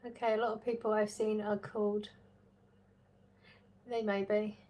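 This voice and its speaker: A woman's voice: mid-range voice, little pitch movement, measured pace, warm tone. A woman hosting a casual live stream, reading chat messages aloud, chatting and laughing often. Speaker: livestream host reading chat.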